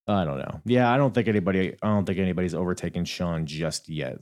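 A young adult man hosting a solo podcast, talking casually and thinking out loud with frequent fillers and restarts. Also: sits low, animated, fairly quick, hardly any pauses. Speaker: podcast host.

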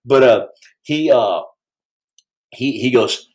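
A man telling a story on his podcast in a casual, animated way, stumbling over restarts and acting out the quotes. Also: on the high side, measured pace, pauses often, low-quality recording.

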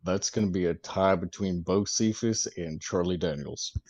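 A man's voice: deep voice, normal speed, darkish tone, slight background noise. A man guest on a casual chat show who speaks in a dry, matter-of-fact way. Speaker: guest, Navy veteran.

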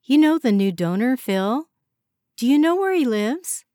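A woman's voice: fairly high pitch, sing-song, unhurried, dark tone, dry recording, pitched above the performer's own voice. Woman doing earnest young woman, urgent, pleading, storybook character, dry close sound. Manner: pleading, insistent.

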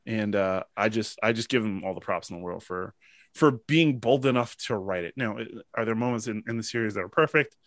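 A man's voice: on the low side, a little fast, no echo. A man hosting a casual podcast chat, telling stories emotionally with lots of fillers. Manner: emotional, animated storytelling with many fillers. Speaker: podcast host.

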